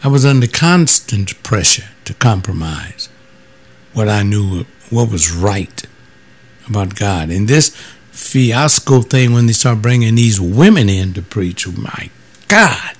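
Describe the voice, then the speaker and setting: A man who was once a pastor tells stories slowly in a sing-song voice. His casual monologue is blunt and emphatic, and he rises in pitch to quote other people.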